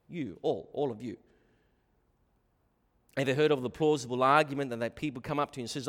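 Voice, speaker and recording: A man's voice: medium pitch, a little fast, long pauses, fairly bright tone, in a large hall. A man preaching a sermon as pastor, emphatic and full of rhetorical questions.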